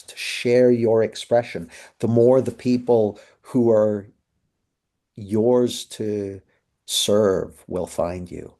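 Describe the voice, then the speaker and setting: A man's voice: mid-range voice, dark tone. A middle-aged man hosting a live masterclass over a video call, telling stories in a conversational way and acting out what people said. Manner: conversational storytelling, acting out quoted voices. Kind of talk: live webinar talk.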